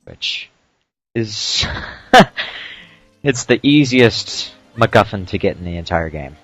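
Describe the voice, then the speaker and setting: A man doing casual commentary over a video game, explaining tips with dry jokes and frequent "uh" pauses. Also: fairly low pitch, big pitch swings, fairly bright tone, no echo, muffled recording, soft background music. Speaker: let's play commentator.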